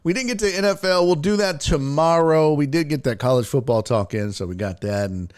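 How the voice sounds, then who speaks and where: A man hosting a casual sports talk live stream, joking, swearing and laughing often while reading viewer comments, his voice a bit rough and hoarse. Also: on the high side, fairly quick, a little mellow. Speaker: sports talk show host.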